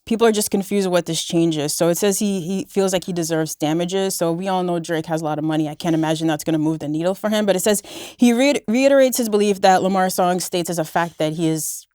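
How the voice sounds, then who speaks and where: A woman co-hosting a casual panel discussion, talking in a calm, reasoned and wry way. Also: on the low side, quick pace, clean tone, dry recording, studio quality. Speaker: co-host.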